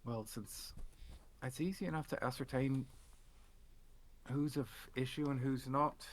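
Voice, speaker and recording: A man narrating as game master in a tabletop game, halting with many fillers. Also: mid-range voice, fairly even intonation, poor audio.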